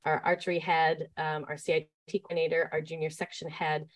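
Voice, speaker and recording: Chatty woman with a slightly low voice. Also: level tone, brisk. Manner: chatty, with many fillers and restarts. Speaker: summer camp staff leader. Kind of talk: conversational interview storytelling.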